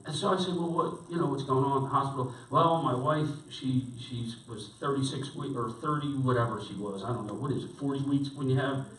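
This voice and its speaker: A middle-aged man, a pastor, preaching a sermon by telling a rambling personal story in an animated way, with many restarts. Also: mid-range voice, a little fast, few pauses. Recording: roomy sound picked up from a distance.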